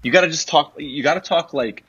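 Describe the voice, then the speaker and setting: A man's voice: a little high, fairly quick, fairly bright tone, husky, lo-fi sound. A young man co-hosting a casual podcast from home, chatty and teasing, explaining things as he goes. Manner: chatty, explains, teases his co-host. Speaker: podcast co-host. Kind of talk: casual chat.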